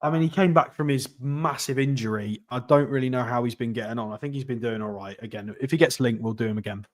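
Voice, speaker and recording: A man's voice: medium pitch, fast. A man co-hosting a casual football chat, plain-spoken and opinionated. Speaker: podcast co-host.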